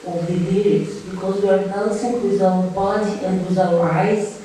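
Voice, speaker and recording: A woman's voice: medium pitch, steady tone, normal speed, mellow, a little hiss or hum. A woman teaching belly dance steps, counting beats aloud and explaining the song's lyrics. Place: dance studio. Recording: echoey room, mic far off.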